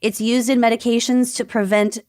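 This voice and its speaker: A woman's voice: on the high side, little pitch movement, normal speed, darkish tone, no echo, studio quality. A young adult woman co-hosting a podcast, reading out a story with quotes and adding chatty asides. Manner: reads facts and quotes, then adds chatty asides. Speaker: podcast co-host.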